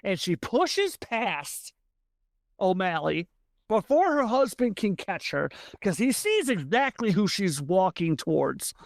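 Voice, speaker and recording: A woman's voice: medium pitch, very animated, takes it slowly, vocal fry, dry recording, studio quality. A woman narrating a tabletop game as game master, descriptive and full of fillers.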